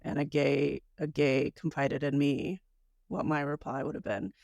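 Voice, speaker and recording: A woman co-hosting a podcast talks in a low voice with a gravelly edge. She chats casually and reflectively and laughs often. The sound is dry and close. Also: flat delivery, a little slow, a little mellow, no room sound. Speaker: podcast co-host.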